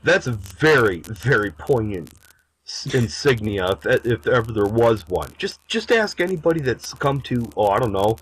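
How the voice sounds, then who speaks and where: A man co-hosting a political talk show, joking sarcastically with halting restarts. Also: medium pitch, lively intonation, a little hiss or hum, low-quality recording. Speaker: podcast co-host. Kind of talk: casual political banter.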